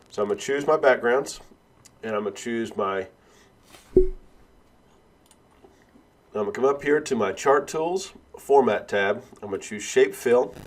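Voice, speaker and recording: A man instructor giving a screen-recorded software tutorial, explaining each click step by step and correcting himself along the way. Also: mid-range voice. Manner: steady step-by-step walkthrough, self-correcting.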